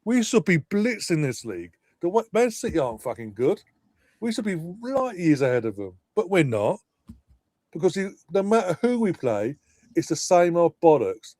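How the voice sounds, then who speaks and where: A man's voice: high-pitched, big pitch swings, normal speed, a little mellow, dry recording. A man, ranting bitterly and sarcastically about his football team's play. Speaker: football fan co-host. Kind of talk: angry live match watchalong rant.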